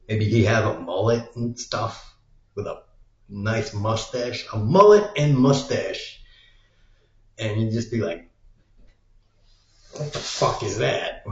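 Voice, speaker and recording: A man rambling in a crude, meandering monologue, swearing often. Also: on the low side. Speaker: vlogger. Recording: roomy, dull lo-fi sound.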